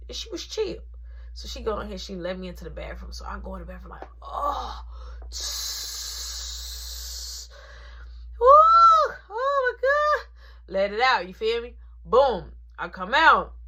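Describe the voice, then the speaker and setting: Animated woman telling a casual story. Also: mid-range voice, husky. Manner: animated, slangy, acts out quotes. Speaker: storyteller recounting a work story.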